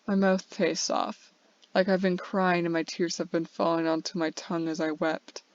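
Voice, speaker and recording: A woman's voice: fairly low pitch, little pitch movement, normal speed, no room sound. Woman narrator, earnest first-person story read, slight slips, dry and dull lo-fi sound. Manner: earnest, with small slips and restarts. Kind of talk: first-person fiction reading. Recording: dull, dry lo-fi home recording.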